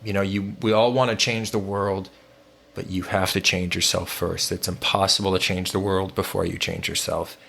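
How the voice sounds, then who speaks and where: A man co-hosting a podcast, talking in an earnest, reflective way with fillers and pauses. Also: sits low, little pitch movement, vocal fry, a bit bright. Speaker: podcast co-host. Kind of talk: conversational podcast talk. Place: home in the US Southwest.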